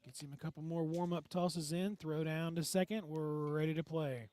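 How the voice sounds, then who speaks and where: Folksy small-town radio baseball announcer. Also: male voice, moderate pace, no echo. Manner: folksy, relaxed banter between pitches. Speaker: play-by-play announcer. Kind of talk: local radio baseball commentary.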